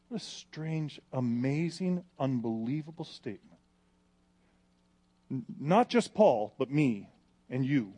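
A man preaching a sermon, dramatic, dropping to a hush and then rising to forceful emphasis as he retells scripture. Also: medium pitch, lively intonation, takes it slowly, pauses often. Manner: dramatic, swings from hushed to emphatic when quoting scripture.

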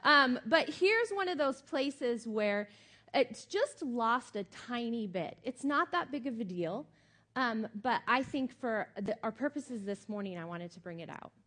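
Animated woman preaching a sermon. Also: a little high, unhurried. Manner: animated, emphatic, conversational with many fillers. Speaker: pastor.

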